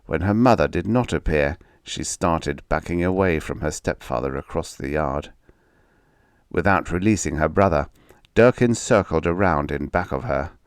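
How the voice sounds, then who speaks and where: A man reading a vintage science fiction horror story aloud in a measured, steady way. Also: extremely low pitch, smooth, dry recording, clean studio sound. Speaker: audiobook narrator. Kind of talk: scripted narration.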